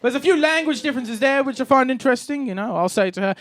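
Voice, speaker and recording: A man's voice: high voice, animated, normal speed, a bit bright. A young Scottish man doing a stand-up comedy set on a club stage, sardonic and punchy.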